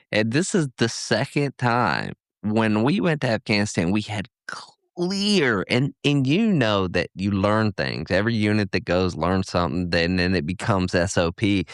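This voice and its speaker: Deep smooth-voiced male podcast host. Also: dry recording, clean studio sound. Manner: relaxed, short backchannel replies. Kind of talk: casual chat.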